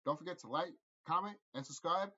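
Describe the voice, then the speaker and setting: A man rambling through a casual movie review, profane and animated, laughing often. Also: fairly high pitch, fairly quick, lo-fi sound.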